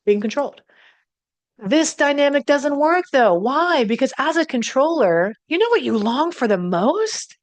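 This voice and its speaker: A middle-aged woman teaching about relationships as a coach, blunt and animated, swearing and talking straight to viewers. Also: sits high, unhurried, no echo. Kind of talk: motivational teaching.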